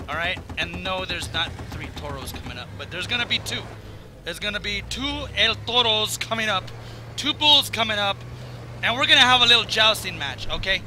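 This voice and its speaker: A man with a high, very bright voice that has gone raw and strained talks through a video game. He rambles and jokes, jumping between excitement and low muttering. A faint hiss sits under the recording. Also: moderate pace, rough recording. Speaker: gaming commentator. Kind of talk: casual gameplay commentary.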